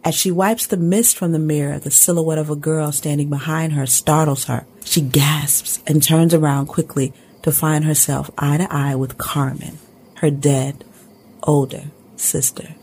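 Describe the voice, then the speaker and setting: A woman narrates a scripted drama in a low voice with a husky edge. Her delivery is measured and descriptive. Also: fairly even intonation, a little mellow.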